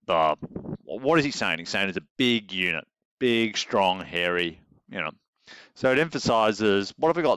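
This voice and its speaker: A man's voice: on the low side, a bit bright, clean tone, no echo. A man with an Australian accent teaching an English class, with wry, joking rhetorical asides, in a classroom.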